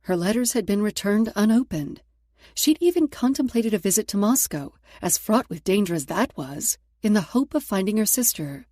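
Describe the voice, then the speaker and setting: A woman narrates a romance audiobook in a steady, even delivery. Her voice is mellow and warm, recorded close and dry with no room sound. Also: mid-range voice, normal speed, dry recording. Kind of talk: scripted narration.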